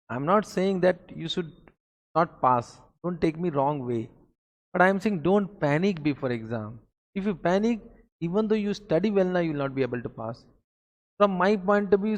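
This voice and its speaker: A man's voice: sits high, big-room sound. A man with an Indian English accent giving a motivational revision lecture to accountancy students, full of rhetorical questions and repeated phrases. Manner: pep talk full of rhetorical questions and repetition. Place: classroom.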